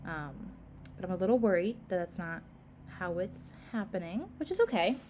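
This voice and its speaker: A college instructor gives her class casual course announcements, sounding tired and yawning, with lots of "um" and "like." Her voice is on the low side with lively intonation at a normal speed, and there's noise in the background.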